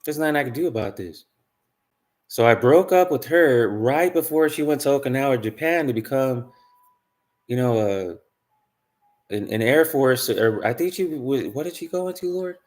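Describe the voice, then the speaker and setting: A man talks straight to his audience in a loose storytelling monologue. He rambles and doubles back, lands his points with emphasis and swears freely, in an ordinary mid-pitched voice. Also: animated, unhurried, darkish tone. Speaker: spiritual vlogger.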